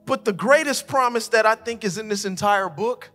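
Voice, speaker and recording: Male co-pastor, high and bright, very animated sermon delivery, long hall reverb. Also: normal speed. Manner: animated, acts out his daughter's voice, builds to shouting. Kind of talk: sermon with storytelling. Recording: live church hall reverb with music.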